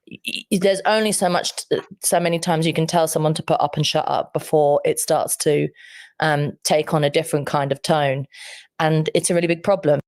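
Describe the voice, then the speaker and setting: Low-voiced woman commentator. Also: darkish tone, no room sound, clean studio sound. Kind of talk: news interview.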